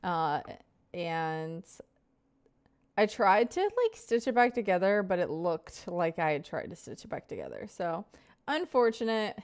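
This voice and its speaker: A woman's voice: fairly low pitch, huge pitch swings, measured pace. A young woman in her twenties chatting casually on a live stream, greeting viewers by name and rambling through stories.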